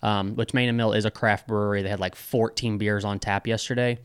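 A young man co-hosts a podcast, chatting casually and rambling with plenty of fillers and restarts. His voice is fairly low, level and resonant, and he talks fairly quickly. The sound is clear, with no echo.

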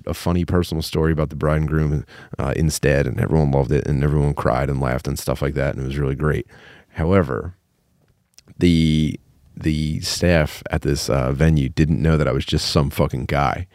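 A man's voice: very deep voice, steady tone, normal speed, a little mellow, dry recording, studio quality. A man on a podcast telling a rambling, self-deprecating comic story in casual, crude chat, laughing often. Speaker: podcast co-host.

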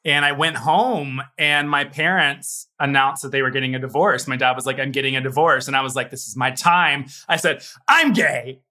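A man's voice: mid-range voice, fairly even intonation, fairly quick, bright, forceful tone. A man interviewing a guest, sharing his own stories openly and casually.

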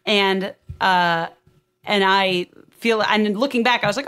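A woman's voice: mid-range voice, normal speed, clear, resonant tone. Chatty young woman thinking aloud. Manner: thinks aloud with restarts, animated. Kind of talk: casual book discussion.

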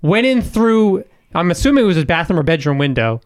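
A man's voice: a little high, very animated, brisk. A young man on a casual podcast, telling a story with swearing and acting out the quotes. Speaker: guest storyteller.

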